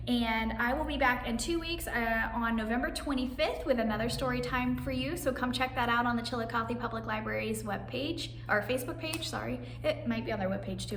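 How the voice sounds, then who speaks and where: A woman with a somewhat high, fairly bright voice hosts a children's story time, reading aloud and teaching simple sign language in a cheerful, sing-song manner while treating the kids as friends. The mic sits at a distance, giving a roomy echo with faint background noise.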